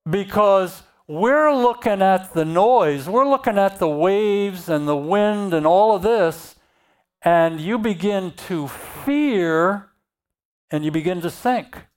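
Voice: medium pitch, animated, slow pace, clean tone. A preacher giving a sermon, reading scripture aloud and then explaining it and repeating key phrases.

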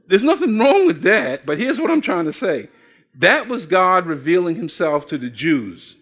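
A man's voice: high voice, big pitch swings, moderate pace, a bit bright, husky. An older man preaching a sermon, asking the congregation questions and telling folksy stories with acted-out voices. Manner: folksy storytelling, acts out quoted voices. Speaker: pastor.

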